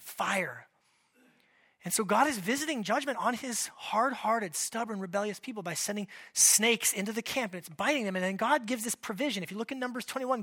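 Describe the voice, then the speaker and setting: A man's voice: sits high, bright, forceful tone. A man preaching a sermon as pastor, talking conversationally and checking in with the congregation. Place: church in Washington state.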